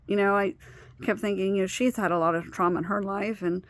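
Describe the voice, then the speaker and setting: A woman's voice: mid-range voice, steady tone, a little fast, dry recording. A woman vlogger candidly telling a painful personal story, swearing and sometimes dropping to a near whisper. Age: adult stepmother of a teenager.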